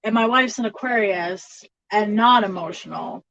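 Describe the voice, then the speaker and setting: A woman's voice: mid-range voice, normal speed, vocal fry, fairly bright tone, no echo. Chatty, giggly woman with a dull, dry sound. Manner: chatty, laughs often between remarks. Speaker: tarot reader. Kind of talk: casual livestream chat.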